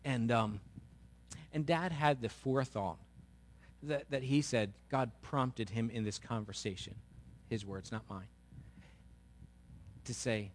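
A man's voice: medium pitch, takes it slowly, long pauses, a little hiss or hum. A male pastor giving a sermon in a conversational, storytelling way with emphatic asides.

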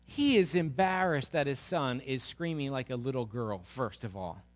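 A man's voice: medium pitch, animated, normal speed. A male pastor giving a sermon in a conversational, storytelling way with emphatic asides.

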